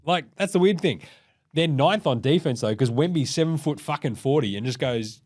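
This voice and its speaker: With a fairly high voice, big pitch swings, and a slightly quick pace, a young Australian basketball podcast host rambles through casual commentary. He swears and imitates players in goofy voices.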